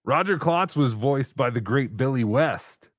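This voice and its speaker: A man's voice: expressive, measured pace, dry recording, studio quality. A man hosting a casual podcast chat, joking around and breaking into silly impression voices. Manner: jokey, swings into high silly impression voices. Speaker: podcast host.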